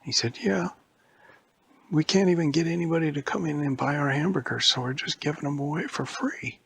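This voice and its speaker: A man telling a made-up spooky story to a child, switching into high squeaky voices for characters and dropping to a whisper at scary moments. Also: brisk, vocal fry, husky. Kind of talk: improvised bedtime-style story for a child.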